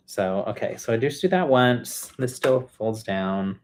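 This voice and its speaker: A man hosting a casual livestream from home, chatting and thinking out loud as he builds and answers viewers. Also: medium pitch, unhurried, a little hiss or hum. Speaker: livestream host building toy sets. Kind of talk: casual live chat while building.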